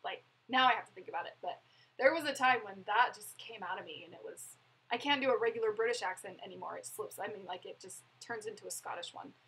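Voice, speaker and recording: Chatty husky young woman. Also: medium pitch, quick pace, a bit bright, poor audio. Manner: chatty and rambling, with frequent laughs and fillers. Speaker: vlogger answering live chat. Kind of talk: casual live-stream chat.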